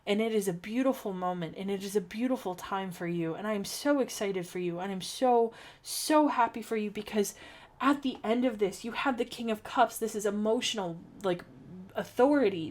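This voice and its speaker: Young woman doing a tarot reading, earnest and encouraging, lots of "like"s and restarts. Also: mid-range voice. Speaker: tarot reader.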